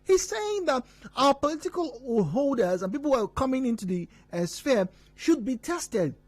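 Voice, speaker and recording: Nigerian male radio host, measured and explanatory, lively intonation, dry booth with soft music under. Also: very high voice, no room sound. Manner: measured, explanatory, reads listener messages aloud. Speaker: radio talk show host. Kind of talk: call-in radio talk show. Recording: dry studio mic with faint music bed.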